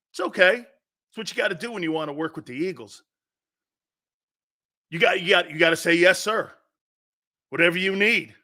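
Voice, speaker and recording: Man, sports talk host, high voice, blunt, profane, repetitive ranting. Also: sharp tone. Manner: blunt, profane, repeats his point hammering it home. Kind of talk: opinionated sports talk rant.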